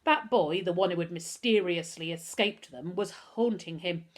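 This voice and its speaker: A woman, a teacher, reading a children's book aloud with expressive storytelling. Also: on the low side, normal speed.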